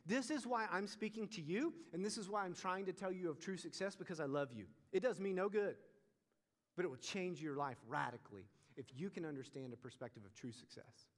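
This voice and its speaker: A young man preaching with a high, lively voice that rings through a big hall. He keeps throwing questions at his audience and pushes his points home. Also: fairly quick. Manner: animated, asks the audience questions. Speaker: youth pastor. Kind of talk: sermon. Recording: long reverb of a large hall.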